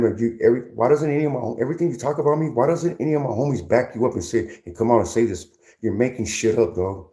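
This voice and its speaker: Low, mellow-voiced man ranting, calling everyone "dog". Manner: confrontational, repeats "dog" constantly; stammering restarts when worked up. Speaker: livestreamer. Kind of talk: heated livestream rant.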